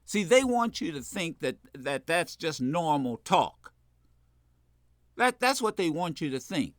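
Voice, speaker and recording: A man hosting a talk radio show, giving impassioned political commentary in a preachy way, repeating phrases and building to shouts. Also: a little high, big pitch swings, unhurried, dry recording, studio quality.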